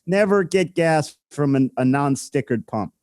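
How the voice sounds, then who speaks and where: A man's voice: on the high side, animated, a little slow, a little mellow, dry recording, clean studio sound. A man co-hosting a casual podcast chat, explaining things at length with many filler words. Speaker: podcast co-host.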